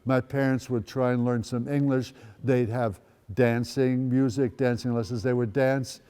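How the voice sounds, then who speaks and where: An elderly man in his eighties tells his own life story to a school audience, his voice warm and relaxed. He slips in wry, dry humor between plain recollections. Long reverb trails each phrase as it rings through a large hall. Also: mid-range voice, a little slow, clean tone. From Netherlands. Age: 80s. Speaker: guest speaker. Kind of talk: personal storytelling talk. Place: school event space.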